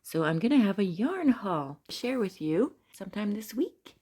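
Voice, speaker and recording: A woman from Canada talking casually as a crochet vlogger, gushing and excitable as she opens mail. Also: medium pitch, normal speed. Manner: gushing, excitable, frequent squeals and laughs. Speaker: crochet YouTuber. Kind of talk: casual unboxing vlog.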